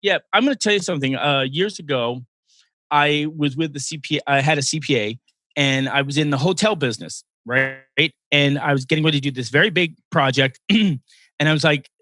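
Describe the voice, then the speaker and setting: A man's voice: on the high side, brisk, fairly bright tone, no room sound. A man in his sixties hosting a podcast, telling earnest personal stories in casual conversation. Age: 60s. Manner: earnest storytelling, emotional at times. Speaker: podcast host. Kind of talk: casual interview chat.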